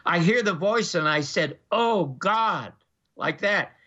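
An older man from Canada, a former TV critic, telling animated anecdotes in an interview, with frequent restarts and laughs, in a dull lo-fi recording. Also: on the high side, normal speed. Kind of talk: storytelling interview.

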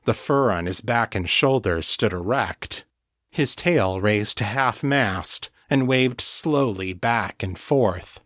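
A male audiobook narrator reads fiction in a low voice at a slow, deliberate pace. The recording is dry and close, with no room sound around it. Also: fairly bright tone, no room sound. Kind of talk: scripted narration.

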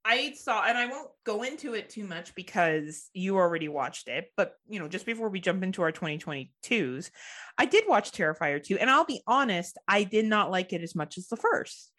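A woman's voice: mid-range voice, expressive, moderate pace, a bit bright. A woman from Ontario, Canada hosting a horror podcast, chatting casually, laughing often and swearing freely. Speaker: podcast host. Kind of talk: casual chat.

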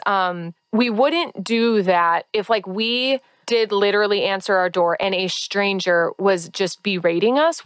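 A woman hosting a podcast as a coach, talking casually and earnestly, sometimes acting out voices in a high pitch. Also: clear, resonant tone, dry recording. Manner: earnest, acts out inner-critic voices in high tones. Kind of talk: casual solo podcast talk.

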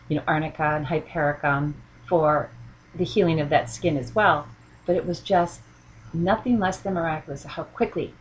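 A middle-aged woman with a husky voice, chatting in a casual storytelling monologue, laughing often and acting out the voices she quotes. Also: lowish voice, poor audio.

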